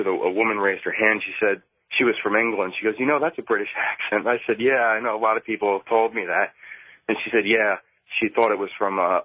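A man with a lowish voice recounts his investigations over a thin, phone-like line. His delivery is halting and he often restarts sentences. The sound is dry and close. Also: dry recording. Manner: halting, repeats words when starting sentences. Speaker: paranormal investigator guest. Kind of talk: phone-in interview storytelling.

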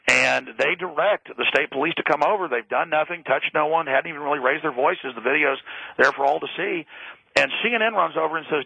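Gravelly, bright-voiced indignant man. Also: on the high side, dry recording, low-quality recording. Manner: rapid, indignant storytelling with many restarts. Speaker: talk radio guest commentator. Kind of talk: heated radio commentary.

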